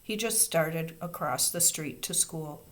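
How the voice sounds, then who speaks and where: A woman, a teacher, reading a children's chapter book aloud with expressive, steady storytelling. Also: low voice, takes it slowly.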